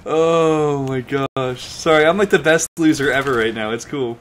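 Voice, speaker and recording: A young man commentating a game with friends over a headset, excitable, laughing a lot and yelping when he dies. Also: fairly high pitch, normal speed, a little hiss or hum. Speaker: gamer host.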